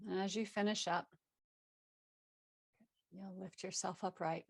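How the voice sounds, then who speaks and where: A woman teaching a live online yoga class, giving calm, steady cues over a video call. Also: medium pitch, measured pace, gravelly, slightly rough, no echo. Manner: calm cueing with self-correcting laughs.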